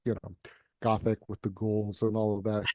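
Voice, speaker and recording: A man who is a poet and guest reader, reciting a poem in an even, unhurried way and then chatting casually over a video call. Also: fairly low pitch, dry recording, clean studio sound. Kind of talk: poetry recitation and casual chat.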